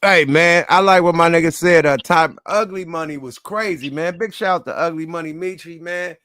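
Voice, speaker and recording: A man's voice: on the high side, moderate pace, sharp tone, dry recording, studio quality. A man hosting a casual livestream chat, talking in loose, profane, laughing banter. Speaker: livestream show host.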